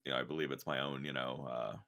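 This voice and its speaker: A man playing a tabletop game, speaking in a measured way with many "you know"s. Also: rumbling low, steady tone, gravelly, fairly bright tone. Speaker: player.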